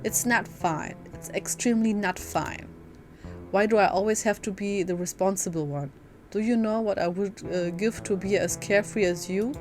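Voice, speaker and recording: A woman reading out an exasperated older sister, a young woman worn down by always being the responsible one. She scolds in a mid-pitched voice and trips over a word here and there. Faint game music plays behind her. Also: moderate pace, natural voice. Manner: exasperated scolding, stumbling reads.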